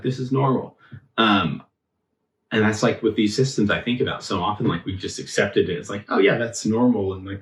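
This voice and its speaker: Low-voiced man preaching casually. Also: reverberant, low-quality recording. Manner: loose, thinking aloud, heavy on filler words. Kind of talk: casual conversational sermon. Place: church sanctuary.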